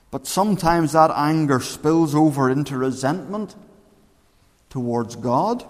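A man's voice: on the high side, darkish tone, long reverb tail. A man preaching a sermon, earnest, his voice rising and falling for emphasis.

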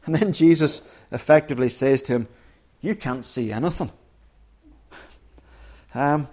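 At a measured pace and medium pitch, he preaches with frequent pauses. Earnest and emphatic, he keeps restarting phrases and punches key words with sudden loudness.

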